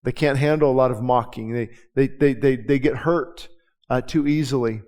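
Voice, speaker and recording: A pastor preaching a sermon, reading scripture slowly and then explaining it in quick, conversational asides. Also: male voice, medium pitch, darkish tone. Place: church.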